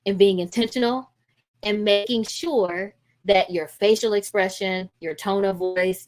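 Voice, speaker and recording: A middle-aged woman counselor leading a parenting workshop over a video call, talking casually and acting out what parents say. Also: mid-range voice. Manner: lively and conversational, acting out parents' lines.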